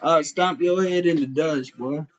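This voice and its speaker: A man's voice: on the high side, a little slow, dull audio. A man from Illinois on a livestream, arguing with his chat in a profane, confrontational, trash-talking way. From Champaign, Illinois, USA. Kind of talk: heated livestream argument.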